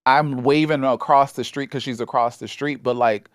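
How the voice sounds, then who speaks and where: A man's voice: mid-range voice, steady tone, normal speed, clean tone, dry recording, clean studio sound. A man co-hosting a podcast, chatting casually and telling stories with easy laughs. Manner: laid-back, storytelling, laughs often. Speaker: podcast co-host. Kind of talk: casual chat. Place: studio.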